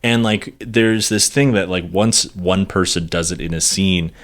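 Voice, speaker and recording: A man's voice: deep voice, unhurried. A man co-hosting a podcast in easygoing, self-deprecating casual chat, laughing often. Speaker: podcast co-host.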